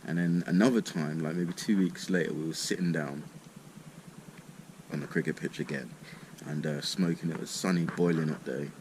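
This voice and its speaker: A man's voice: a bass voice, fairly even intonation, moderate pace, a little mellow, rough recording. A man telling a rambling, sweary story in a laid-back way, smoking as he talks. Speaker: vlogger. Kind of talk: casual storytime. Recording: noticeable background noise.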